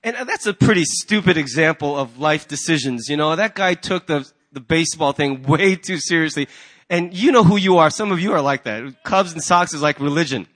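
A male pastor preaching a sermon, telling a story with lively acted-out voices. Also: on the high side, moderate pace. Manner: animated storyteller, acts out the people in his anecdotes.

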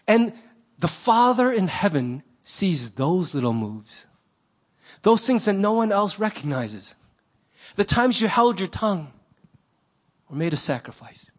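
A man preaching a sermon as pastor, conversational and animated, acting out little quoted voices. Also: sits high, breathy edge.

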